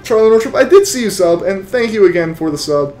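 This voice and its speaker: Young guy rambling to his stream chat, kinda high voice, faint music behind. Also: animated, fairly quick, a little mellow, reverberant. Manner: rambling, chatty, full of restarts. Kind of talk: live-stream chat while shiny hunting.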